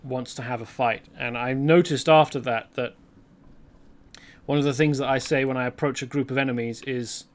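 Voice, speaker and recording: A man's voice: mid-range voice, steady tone, moderate pace. A man hosting a let's play, rambling chattily through gameplay commentary and correcting himself as he goes.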